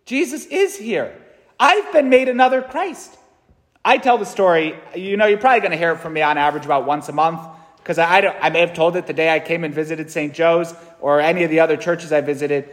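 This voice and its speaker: A fairly high-pitched man in his thirties preaches a homily in an earnest, conversational way, often tossing in a quick "right?". His voice carries a long reverb from the large church around him. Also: fairly bright tone. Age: 30s. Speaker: priest. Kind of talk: sermon.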